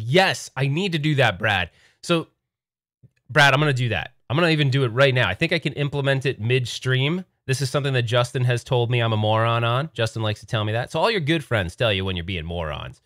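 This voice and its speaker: A man hosting a casual live chat, rambling and excitable, laughing easily. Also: medium pitch, brisk, dry recording, studio quality. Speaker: livestream host.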